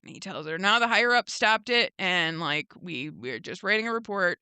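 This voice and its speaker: A young woman co-hosts a casual recap podcast. Her voice is bright and crisp, and she is recorded dry and close to the mic. She retells scenes by voicing the characters, with plenty of "like" and "um.". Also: mid-range voice, lively intonation, fairly quick, no room sound. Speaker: podcast co-host.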